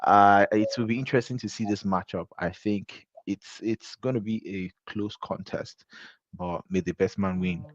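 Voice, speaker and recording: A man talking as a guest in a casual sports chat, expressive and quick to laugh. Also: fairly low pitch, no echo. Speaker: podcast guest. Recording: dull lo-fi sound.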